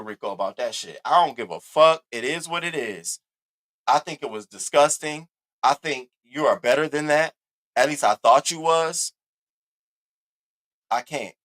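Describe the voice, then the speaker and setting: A man's voice: mid-range voice, fairly bright tone. A man, hosting a casual, profane commentary rant aimed straight at his viewers. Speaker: commentary host.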